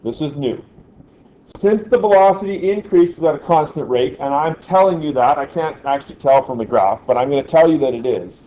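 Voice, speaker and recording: A man's voice: a little high, lively intonation, fairly quick, dark tone, muffled recording. Man teaching a physics class. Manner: chatty, asks the class questions. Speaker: science teacher.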